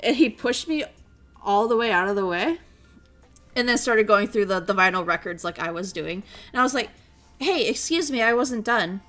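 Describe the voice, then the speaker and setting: A woman's voice: mid-range voice, normal speed, fairly bright tone, faint music behind. A young woman from Minnesota, a streamer telling stories in casual chat, rambling and swearing freely. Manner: rambling, profane storytelling.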